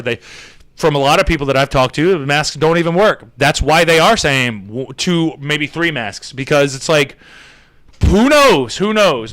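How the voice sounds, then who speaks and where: Sarcastic bright-voiced man ranting. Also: a little high. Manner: sarcastic, profane. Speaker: podcast host. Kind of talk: casual comedic rant.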